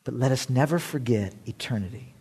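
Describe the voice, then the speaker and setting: A male pastor preaching a storytelling sermon in an animated, conversational way, with self-deprecating humor. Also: medium pitch, fairly quick, breathy edge.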